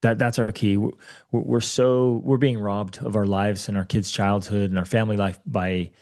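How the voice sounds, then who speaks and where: A man in his forties speaks as an interview guest, his voice dark and mellow. He tells personal stories with urgent, emphatic conviction and leans into his points like a pep talk. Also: on the low side, little pitch movement, moderate pace. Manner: emphatic storyteller, urgent and preachy. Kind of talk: conversational interview.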